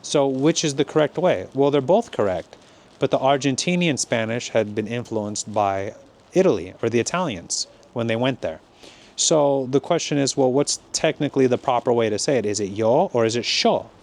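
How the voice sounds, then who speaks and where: An American man from California talks through an English lesson at a slow, careful pace. His pitch sits in an ordinary middle range for a man. He explains things in a deliberate, encouraging way that suits listening practice. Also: expressive. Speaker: English teacher. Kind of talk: slow teaching monologue.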